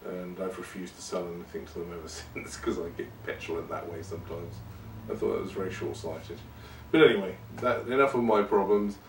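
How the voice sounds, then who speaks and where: A podcast host talks in a casual, rambling monologue, often poking fun at himself. His deep, steady voice moves briskly with hardly any pauses, captured in a roomy space far from the mic with background noise.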